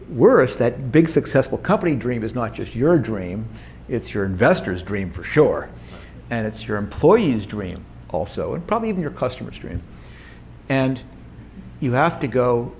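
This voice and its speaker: A man in his sixties, a company co-founder, telling a story as a guest, lively and animated and often restarting his sentences. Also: medium pitch, slight background noise. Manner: animated, quotes others in lively voices, frequent restarts. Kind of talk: conversational storytelling on stage. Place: event room with audience.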